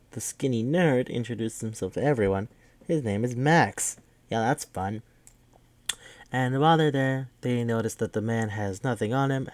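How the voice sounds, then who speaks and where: A man's voice: on the low side, darkish tone, no room sound. A man casually recapping a movie, rambling and swearing with lots of fillers. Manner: rambling, profane, full of fillers. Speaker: podcast host.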